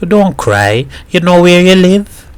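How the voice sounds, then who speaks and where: A man's voice: high voice, big pitch swings, slow pace, clean tone, no echo, pitched above the performer's own voice, exaggerated voice. A man voicing a kind little girl who comforts a lost child. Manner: gentle and soothing.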